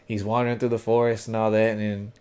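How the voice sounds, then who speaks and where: Guy with a lowish voice going over an anime episode, super casual, lots of um and like. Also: level tone, fast talker, a little mellow, clean tone. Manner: rambling, loose, lots of fillers and self-corrections; informal slangy talk. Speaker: anime reviewer.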